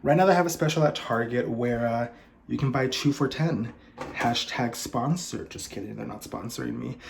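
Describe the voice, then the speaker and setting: A man's voice: medium pitch, normal speed, gravelly. Young male vlogger, casual mukbang chat, self-deprecating, eating as he talks, faint room noise. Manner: chatty, swearing, self-mocking, laughs often; talking while eating. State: slightly out of breath. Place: home apartment, indoors. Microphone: camera set in front.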